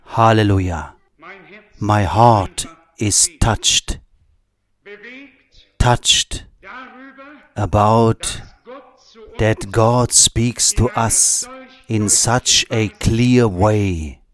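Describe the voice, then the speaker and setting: A male preacher delivering a sermon at a very slow, measured pace. His voice sits a little low, and he leans on repetition and long pauses to stress each point.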